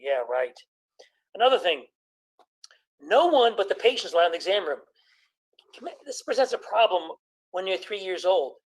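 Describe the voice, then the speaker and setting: A middle-aged man, a doctor, doing a stand-up comedy routine, telling deadpan jokes and putting on quick voices of patients. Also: high voice, rough recording. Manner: deadpan joke delivery with put-on patient voices.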